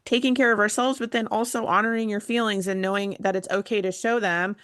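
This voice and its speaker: A woman's voice: mid-range voice, a little fast, no echo, studio quality. A mother and guest on a talk podcast, chatting casually and acting out her own family moments. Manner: animated storyteller, acts out family talk. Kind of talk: casual chat.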